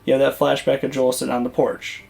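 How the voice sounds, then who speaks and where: A gaming YouTuber talking casually over gameplay footage, rambling and conversational with lots of fillers and restarts. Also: male voice, mid-range voice, completely flat delivery, quick pace, gravelly, a little mellow.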